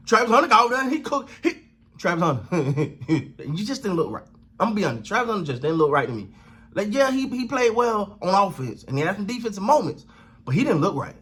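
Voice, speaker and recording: This man has a husky, fairly high voice that swings all over the place as he rants about a football game. He hammers his points by repeating himself and talks in casual slang, like a sports channel host reacting on camera. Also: sing-song, a little fast, fairly bright tone. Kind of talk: animated sports reaction rant.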